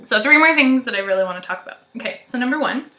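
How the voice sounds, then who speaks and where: A woman's voice: fairly high pitch, lively intonation, racing, bright, forceful tone, reverberant. A young adult woman hosting a knitting podcast, chatting casually to viewers in a rambling way with many ums and frequent giggles.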